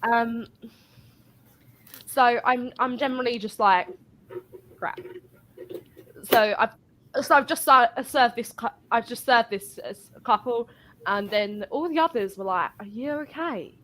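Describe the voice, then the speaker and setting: A woman's voice: on the high side, a little slow, pauses often, fairly bright tone. A woman telling a work story in casual chat, rambling and swearing as she goes.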